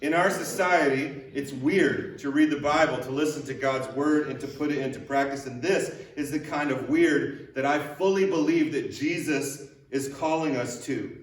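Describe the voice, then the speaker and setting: A man's voice: medium pitch, moderate pace, hardly any pauses. Man preaching a chatty sermon in an echoey church. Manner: conversational, with repeated rhetorical questions and light joking. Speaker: pastor. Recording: echoey room, voice picked up from a distance.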